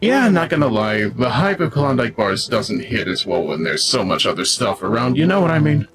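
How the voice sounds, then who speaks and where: A man's voice: mid-range voice, very animated, normal speed. A male streamer joking his way through a game, with a voice that swoops up and down all over the place. He sounds goofy and off the cuff, and faint music plays underneath. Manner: goofy and jokey, riffs on the game. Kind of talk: casual gameplay commentary.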